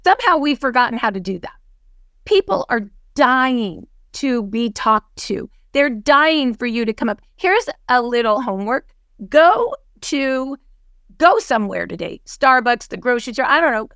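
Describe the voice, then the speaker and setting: A woman giving a lively coaching talk on a video call, telling stories and acting out the conversations in them. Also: a little high, moderate pace, dry recording, clean studio sound. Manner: lively storyteller who acts out dialogue. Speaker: guest speaker, team leader. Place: home office on a video call. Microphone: video call microphone.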